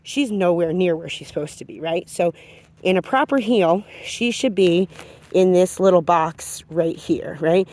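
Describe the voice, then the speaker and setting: Dog trainer woman explaining on a walk. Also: unhurried. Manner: explains calmly, breaks into high sing-song praise for the dog. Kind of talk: instructional walkthrough while training. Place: outdoors on a street, walking a dog.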